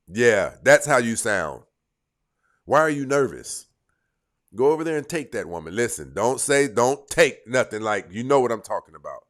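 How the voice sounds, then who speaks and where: A man with a very deep, low voice lectures his viewers on dating. He is blunt and emphatic, and he scolds and presses his points hard. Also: animated, normal speed, a bit bright. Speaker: dating coach. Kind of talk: direct-to-camera advice monologue.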